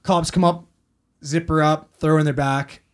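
A man's voice: on the high side, fairly even intonation, normal speed. A man, a paramedic telling a story in casual talk, rambling and swearing a lot. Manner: heavy swearing, rambling with fillers.

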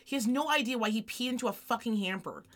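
A woman's voice: a little high, fast talker. A woman co-hosting a chatty podcast, telling candid and comic stories. She jumps into quoted voices as she goes, and her delivery stays loose and conversational. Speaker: podcast co-host. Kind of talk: casual chat.

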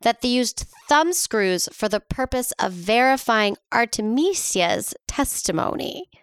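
A woman's voice: fairly high pitch, lively intonation, a little slow, smooth, no echo, studio quality. A woman co-hosting a podcast, casually retelling a history story with sarcastic asides. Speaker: podcast co-host.

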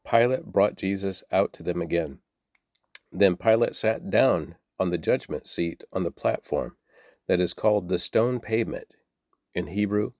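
A man reading scripture aloud at a steady pace, now and then repeating a word or correcting himself. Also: low-pitched, no echo, clean studio sound. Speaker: Bible reader.

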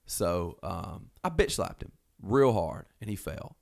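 A man's voice: on the low side, moderate pace, creaky. A man casually telling a rowdy story, swearing and acting out what people said in raised voices. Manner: animated, swearing, acts out quotes in raised voices. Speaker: storyteller guest.

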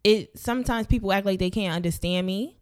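A woman's voice: mid-range voice, a little fast. Chatty young woman with a Jersey accent. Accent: New Jersey. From New Jersey. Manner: chatty, profane, with many fillers. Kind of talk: casual conversation.

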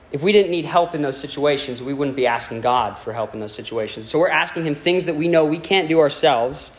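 Male preacher, slightly higher voice, chatty sermon delivery with questions to the church. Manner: conversational and playful, asking the congregation questions.

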